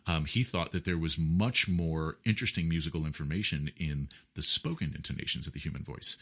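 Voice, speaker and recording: Interview guest, man, very low voice, lecturing explainer with lots of fillers. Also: brisk, vocal fry, fairly bright tone. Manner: lecturing, with many fillers and rhetorical checks. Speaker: guest musician.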